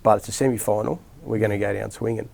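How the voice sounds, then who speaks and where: Aussie footy coach, middle-aged man, low voice with some fry, chatty and rambling, full of restarts. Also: steady tone, fast, darkish tone. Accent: Australian. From Australia. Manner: rambling anecdotes with many restarts and fillers. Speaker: rugby league coach, podcast guest. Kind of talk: casual storytelling interview.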